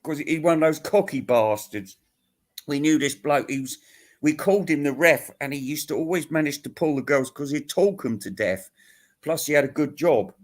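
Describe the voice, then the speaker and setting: A man's voice: a little high, animated, normal speed. A man hosting a rambling comic monologue, ranting crudely and laughing at his own jokes. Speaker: host answering viewer questions.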